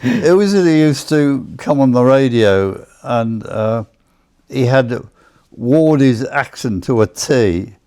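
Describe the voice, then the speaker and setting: A man's voice: medium pitch, lively intonation, takes it slowly, a little mellow. An older English man, a former racing driver, telling rambling anecdotes in casual chat and acting out other people's voices. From England.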